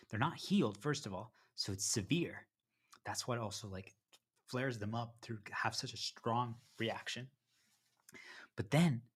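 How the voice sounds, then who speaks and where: A live streamer talks to his chat from home in a rambling monologue, cutting himself off and repeatedly calling his viewers "you guys," sometimes eating as he speaks. His voice is on the low side and slightly rough.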